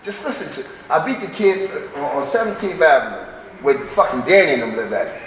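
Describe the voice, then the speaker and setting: A man's voice: a little high, very animated, brisk, a little hiss or hum. A middle-aged man telling raw, profane stories of his past at a twelve-step recovery meeting. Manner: raw, profane, street-talking storyteller. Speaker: speaker sharing at a recovery meeting. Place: large meeting hall. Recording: echoey hall, distant mic.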